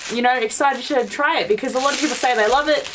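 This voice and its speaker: A young woman chatting excitedly through a casual book haul vlog at home, with many fillers. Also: high-pitched, fast talker, background noise. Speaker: book vlogger.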